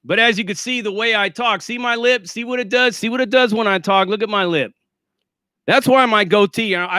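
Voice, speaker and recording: Male streamer, sarcastic and foul-mouthed; bright, clear voice, dry close sound. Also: high voice, brisk, dry recording. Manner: profane, sarcastic and boastful. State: shaky and winded after a workout. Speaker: livestream host. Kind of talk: casual livestream rant.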